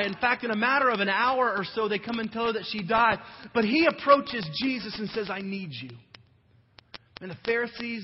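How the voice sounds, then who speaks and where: A man preaching a sermon, swinging between loud emphasis and hushed, almost whispered lines. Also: sits high. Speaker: pastor. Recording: dull lo-fi audio with long hall reverb and faint noise.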